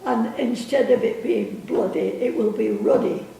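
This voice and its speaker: An older woman telling family stories in a halting, chuckling way, losing her thread now and then. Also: fairly high pitch, creaky, warm tone, a little hiss or hum. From England. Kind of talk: casual storytelling. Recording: echoey room from a distance.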